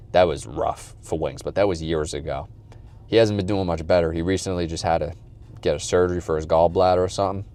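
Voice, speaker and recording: A man's voice: low-pitched, a little mellow. A man chatting casually as a podcast host, telling a rambling, profane story and acting out quotes. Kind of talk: casual chat.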